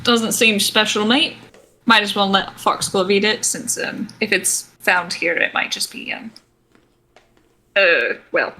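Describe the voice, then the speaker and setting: A woman's voice: medium pitch, a little slow, pushed and bright, slight background noise. A woman playing a blunt, teasing male adventurer in a tabletop game. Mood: dry. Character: offhand young man adventurer, blunt.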